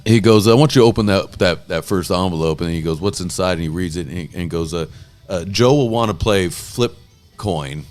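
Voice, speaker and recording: Fired-up rambling man with a deep voice. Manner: excited, rambling, swearing, many restarts. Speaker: podcast host. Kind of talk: casual storytelling chat.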